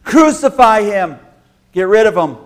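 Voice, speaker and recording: A man voicing an excited crowd of men, shouting high-pitched exclamations. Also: slow pace. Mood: scornful.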